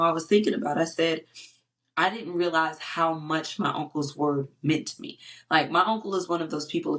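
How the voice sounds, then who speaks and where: A woman hosting her own show, telling a personal faith story with lively storytelling and sudden high exclamations. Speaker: podcast host.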